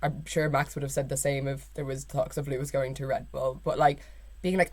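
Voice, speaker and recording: A woman's voice: sits low, fairly even intonation, fast talker. Chatty Irish young woman. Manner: chatty, many fillers and quoted asides. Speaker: podcast co-host. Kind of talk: casual chat.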